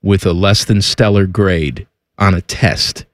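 A man's voice: sits low, measured pace, no room sound. Dry-witted male sports radio host. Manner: dry, wisecracking.

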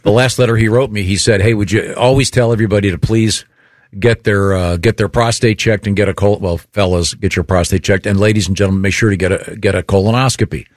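A man's voice: lowish voice, fairly even intonation, fast talker, no echo, studio quality. A male talk show host chatting casually, rambling and laughing often.

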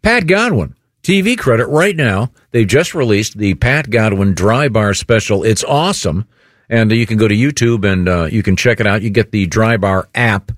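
A man's voice: on the low side, lively intonation, normal speed, no echo. A man hosting a show in casual studio banter, chatty and enthusiastic. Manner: chatty, plugs a guest's special with enthusiasm. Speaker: radio show host.

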